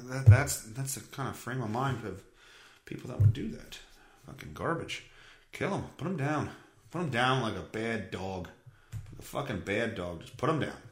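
A man hosting a podcast, ranting profanely and bursting into yells while reading an article aloud. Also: mid-range voice, lively intonation, moderate pace. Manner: profane, loud, bursts into yelling. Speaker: podcast host. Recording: echoey room.

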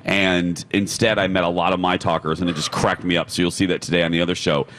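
A man's voice: low voice, little pitch movement, fast, a bit bright, slight background noise. A man co-hosting a live morning radio show from a hotel, chatting and telling stories with frequent laughs. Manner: chatty storyteller, laughs often. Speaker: radio co-host. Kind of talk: casual morning radio chat. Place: hotel lobby broadcast booth.

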